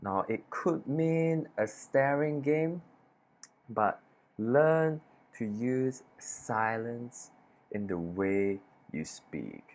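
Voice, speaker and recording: A man giving a self-improvement lesson to camera, talking deliberately with pointed pauses and falling sentence endings. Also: mid-range voice, expressive, darkish tone. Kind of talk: instructional talk to camera.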